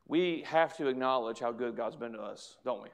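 A pastor preaches to his congregation, reading scripture in a measured way and then pressing his points with mounting fervor. His voice sits at an ordinary pitch for a man, with repeated phrases driving each appeal. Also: vocal fry. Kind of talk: sermon.

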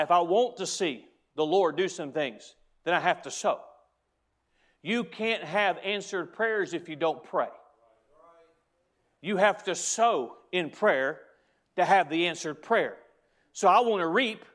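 A man's voice: on the high side, fairly bright tone. A man preaching a sermon as pastor, speaking to the congregation directly and driving home key phrases by repeating them.

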